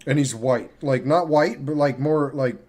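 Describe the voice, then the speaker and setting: A man running a tabletop role-playing game, narrating what the players see. He speaks at a mid-range pitch and describes things in a loose, casual way, full of fillers and restarts. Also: unhurried, darkish tone. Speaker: game master.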